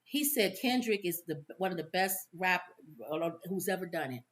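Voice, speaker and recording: A woman co-hosting a casual talk show, telling a story with animated acted-out quotes and frequent laughs. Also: on the low side, moderate pace. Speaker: co-host. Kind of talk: casual commentary chat.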